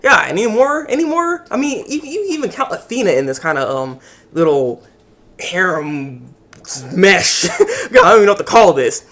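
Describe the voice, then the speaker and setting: A young man giving a casual anime episode review, animated and acting out the characters' lines. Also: high voice. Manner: animated, acts out the characters' lines in quick voices.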